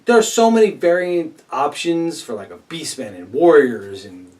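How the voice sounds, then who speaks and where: A man with a slightly high voice co-hosts a casual chat, upbeat and chatty, sometimes tripping over names. He sits a little far from the microphone. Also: very animated, moderate pace, darkish tone. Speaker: co-host. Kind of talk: casual chat reviewing crowdfunding campaigns.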